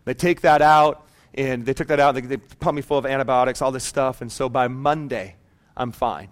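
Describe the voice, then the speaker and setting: In a medium-pitched voice and at a fairly quick clip, a thirtysomething pastor gives a sermon. Lively storytelling about his own life is punctuated by calls out to the congregation.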